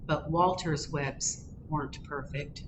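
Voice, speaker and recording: A librarian reading a picture book aloud to children at storytime, in an expressive, gently animated voice. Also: female voice, low voice, takes it slowly, noisy background.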